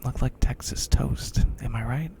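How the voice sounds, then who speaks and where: A man hosting a whispered ASMR live chat, talking softly with his viewers. He is a bit congested. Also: mid-range voice, a little slow, creaky, a little hiss or hum. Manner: soft whispering, chatting with viewers. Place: lying down.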